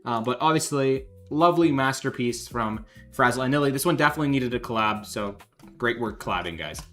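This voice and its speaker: A man's voice: medium pitch, brisk, a bit bright, soft background music. A man casually commenting on fan art during a livestream, joking, laughing and reading donation messages aloud. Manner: chatty, jokey, reads donations aloud, laughs often. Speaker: game developer streamer judging fan art.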